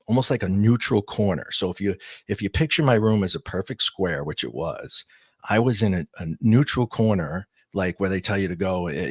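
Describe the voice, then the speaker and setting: A man telling an interviewer the story of his own near-death experience in earnest, halting speech with many fillers and restarts. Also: deep voice, slightly rough, no echo.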